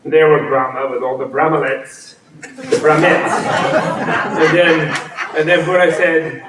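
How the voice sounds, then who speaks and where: Guy teaching, joking around, storytelling, slightly high voice, roomy sound from far off. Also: fairly even intonation, takes it slowly, pauses often, a bit bright, slight background noise. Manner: playful storytelling, laughs often. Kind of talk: humorous dharma talk. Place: retreat center hall. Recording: roomy, from a distance.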